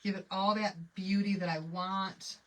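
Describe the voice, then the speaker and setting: A woman's voice: mid-range voice, steady tone, unhurried, fairly bright tone. A woman with a Michigan accent chatting casually while she crafts, thinking aloud and laughing often. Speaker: craft vlogger. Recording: distant mic with faint background noise.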